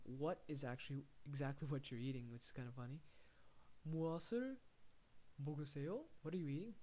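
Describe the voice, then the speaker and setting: A man with a slightly raised pitch gives a recorded language lesson. He explains things step by step and slowly repeats each example phrase so learners can follow. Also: dark tone. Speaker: language teacher.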